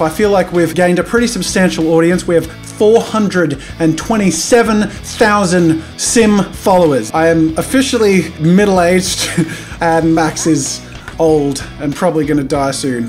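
A man giving casual, jokey commentary while playing a life-sim game, swinging from loud outbursts to low muttering. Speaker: gaming YouTuber. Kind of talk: casual let's-play commentary.

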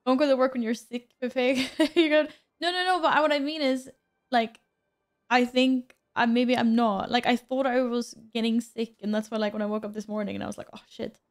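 A woman's voice: a little high, fairly even intonation, moderate pace. Bubbly woman streamer greeting chat. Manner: bubbly, greets chat by name, laughs often. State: slightly stuffy, recovering from a cold. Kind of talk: casual live-stream chat.

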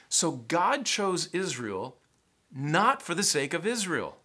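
A pastor preaching a sermon in a church sanctuary, a man with a Southern American accent who acts out scenes in an animated way. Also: a little high. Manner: animated, acts out the sailors' panic in a raised voice.

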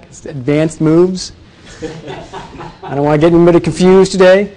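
A man teaching presentation skills to a live audience, energetic and demonstrative, often quizzing the room. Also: fairly high pitch. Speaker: presentation coach. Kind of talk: live workshop talk.

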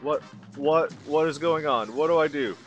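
A man commentating his own video game play, muttering and swearing, then yelling in frustration. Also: on the high side, normal speed, muffled recording, soft background music. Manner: swearing, exasperated, mutters under breath then yells in frustration. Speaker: gaming channel host.

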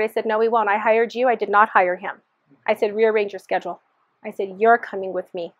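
A woman's voice: fairly high pitch, no echo, muffled recording. A woman sharing her personal testimony in an earnest storytelling manner, re-enacting the dialogue as she recalls it.

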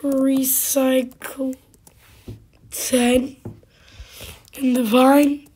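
Hoarse high-voiced woman gaming host. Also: little pitch movement, dark tone. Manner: halting, with many fillers and sudden drops to a whisper. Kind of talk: casual gameplay commentary.

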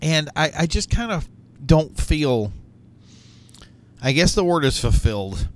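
A man's voice: a little high, very animated, unhurried, no room sound. A man giving casual, rambling commentary while playing a video game, thinking aloud with many fillers and restarts. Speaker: gaming YouTuber.

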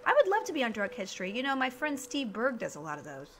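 A woman's voice: fairly high pitch, wildly swooping pitch, quick pace, a little hiss or hum. A woman live-streaming a video game from home, chatting with viewers and reacting to the game crashing. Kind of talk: casual live-stream chat while gaming.

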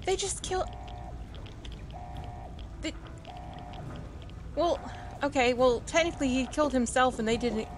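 A woman's voice: high voice, expressive, measured pace, pauses often, a little hiss or hum. Upset young woman ranting over gameplay. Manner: emotional, ranting, talks back to the game. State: upset and angry. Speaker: let's play gamer. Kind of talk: casual gameplay commentary.

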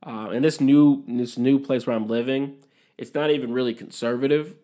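A man's voice: medium pitch, fairly even intonation, moderate pace, dark tone. A young man hosting a podcast, talking alone in a candid, opinionated and rambling way, swearing freely. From Massachusetts, USA. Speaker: podcast host. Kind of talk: casual solo podcast monologue.

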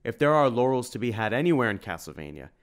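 A man's voice: medium pitch, big pitch swings, fast talker, pitched above the performer's own voice. A man voicing a noble, earnest vampire hunter who speaks formally and commandingly, in an audiobook reading.

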